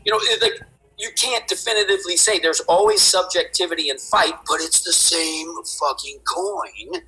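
A man's voice: high voice, normal speed, low-quality recording. A man on a podcast as a guest, explaining movement with lots of emphasis, swearing and tag questions. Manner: animated, emphatic, swears, repeats "right?". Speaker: guest, fitness inventor.

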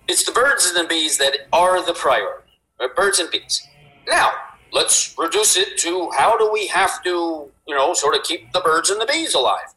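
Heard through a rough recording, this fitness inventor guesting on a podcast has a somewhat high male voice. He explains movement emphatically and with lots of energy, cursing and saying "right?" over and over.

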